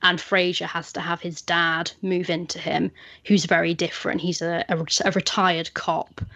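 A woman's voice: on the low side, level tone, moderate pace, sharp tone, dry recording, highs cut off. A woman hosting a podcast, talking in a chatty, enthusiastic and thoughtful way. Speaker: podcast host. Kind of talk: casual chat.

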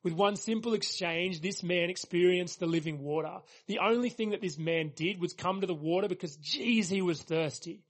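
A man with a high, light voice delivers a sermon with earnest conviction. He presses each point through repetition and builds emphasis line by line. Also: moderate pace, few pauses. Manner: earnest, emphatic preaching with repeated phrases. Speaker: pastor.

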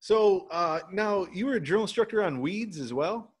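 Guy hosting a podcast, laid back, laughs along, kinda high voice. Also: animated, moderate pace, slightly rough. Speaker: podcast host. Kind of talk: casual interview.

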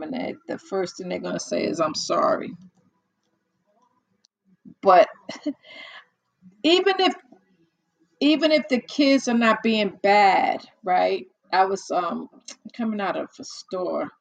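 A woman's voice: fairly low pitch, gravelly, rough recording. An older woman hosting a casual monologue, telling stories in a blunt, exasperated way with many restarts.

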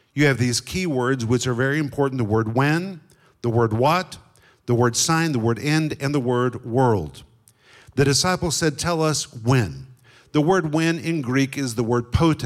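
Emphatic middle-aged man preaching. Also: medium pitch. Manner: emphatic, deliberate, slows on key words. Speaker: guest Bible teacher. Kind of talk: sermon.

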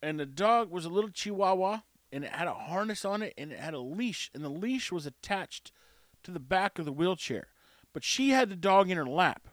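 In a dry recording, a male host with a high-pitched, slightly bright, expressive voice talks at normal speed into a close mic. His casual monologue is a rambling, wry story told at his own expense.

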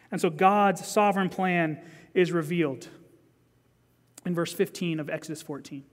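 High-voiced pastor preaching in a reverberant hall. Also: male voice, normal speed, pauses often. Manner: lively preaching, swings from loud emphasis to hushed reading. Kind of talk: sermon.

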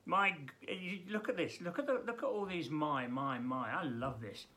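A man as pastor giving an earnest daily Bible devotional, emphatic and halting with frequent restarts. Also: on the high side, bright, forceful tone.

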